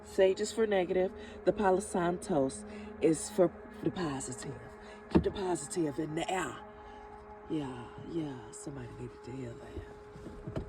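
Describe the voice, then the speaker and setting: Sitting low in pitch and speaking at a measured pace, a woman hosts a spiritual energy reading with spoken affirmations. She drags out her words, calls the listener "baby," and chuckles over background music on a rough recording.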